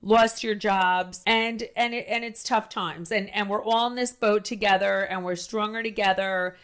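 A middle-aged woman with a strong New Jersey accent hosts a casual podcast chat. She talks loudly and gushes, tripping over her words and restarting sentences as she goes. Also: mid-range voice, steady tone, normal speed, clean tone. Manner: loud, gushing, trails into restarts. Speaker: podcast host.

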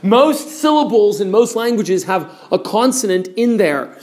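High-voiced man teaching preaching delivery. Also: sing-song, unhurried. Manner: demonstrative, mimics examples, varies loudness for effect. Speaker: preaching instructor.

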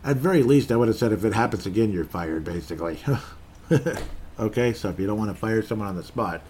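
A man's voice: on the low side, expressive, quick pace, darkish tone, a little hiss or hum. A man hosting a solo sports podcast, rambling and opinionated, often cutting himself off mid-sentence. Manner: rambling, opinionated, self-interrupting. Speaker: podcast host. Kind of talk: casual solo podcast chat.

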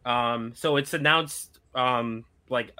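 A man's voice: medium pitch, slow, bright, forceful tone, clean tone. A man hosting a casual podcast, rambling through a wrestling recap with many fillers. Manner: rambling, full of "like" and "um".

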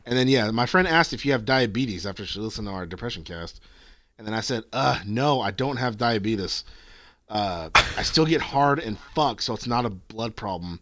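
A young man co-hosting a podcast, swearing and retelling text exchanges with jumpy pitch. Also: expressive, normal speed, fairly bright tone, no room sound. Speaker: podcast co-host. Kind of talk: crude casual chat.

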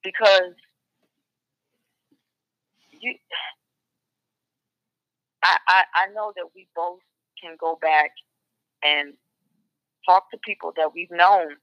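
A woman's voice: lowish voice, slow pace, pauses often, a bit bright, dry recording. A woman co-hosting a casual podcast chat, restarting sentences often and agreeing animatedly. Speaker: podcast co-host. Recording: dull lo-fi dry sound.

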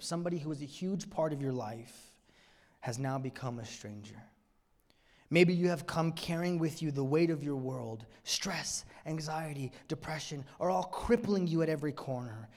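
A man preaching a sermon in a church, moving dramatically from hushed, somber passages to soaring emphasis. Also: fairly high pitch, normal speed, big-room sound. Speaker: pastor. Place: church sanctuary.

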